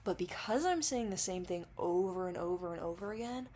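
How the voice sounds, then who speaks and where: A woman's voice: lowish voice, expressive, brisk, darkish tone, slight background noise. A woman vlogging under the influence, rambling, giggling and swearing freely in a loose monologue to the camera.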